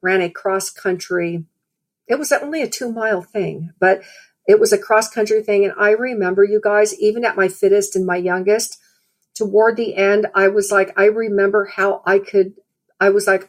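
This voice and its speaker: A woman's voice: mid-range voice, steady tone, moderate pace. Earnest woman preaching a testimony. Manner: earnest, rambling storytelling with fillers. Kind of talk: personal testimony turning into sermon.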